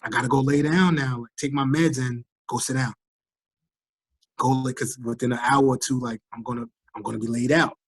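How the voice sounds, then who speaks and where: Husky man in his thirties from Trinidad, worn out by illness, animated storyteller, dry close sound. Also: mid-range voice, fairly quick, no echo. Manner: animated storyteller, acts out quoted voices. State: fatigued, recovering from illness. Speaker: guest, firefighter recovering from illness. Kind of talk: casual interview over a call.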